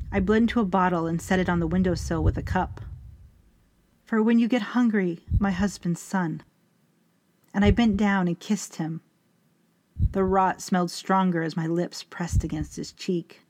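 A woman narrating a first-person story in a measured, even way. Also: on the low side, dry recording.

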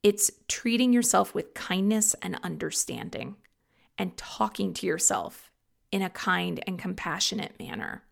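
A middle-aged woman hosting a reflective solo talk, earnest and gently confiding as she shares personal thoughts. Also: mid-range voice, unhurried, vocal fry.

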